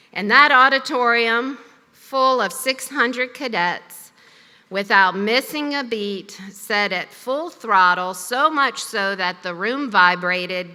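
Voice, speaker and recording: A woman giving a formal commencement speech at a podium in a ceremony hall, with a measured, deliberate delivery. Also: mid-range voice, sharp tone, clear, resonant tone. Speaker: commencement speaker. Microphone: podium microphone. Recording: long reverb of a large hall.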